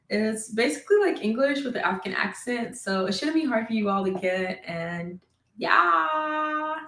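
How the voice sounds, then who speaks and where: A woman from Sierra Leone with an American accent, giving an upbeat, casual video lesson and repeating words slowly. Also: fairly high pitch, echoey room. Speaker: language teacher in a video.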